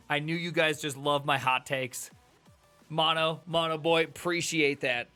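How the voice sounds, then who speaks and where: A man's voice: a little high, a little slow, clean tone, soft background music. A man chatting casually on a live stream as he reads tech articles, rambling and joking with his chat. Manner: animated, jokey, rambling asides to chat.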